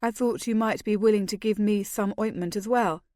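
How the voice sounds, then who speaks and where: A wry young lord who pokes fun at himself, as a woman reads him in the audiobook. The sound is dry and close, the pitch mid. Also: fairly even intonation, moderate pace, a little mellow, no echo, close to an everyday voice. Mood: sheepish. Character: young male lord, wry and self-mocking. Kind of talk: audiobook character reading.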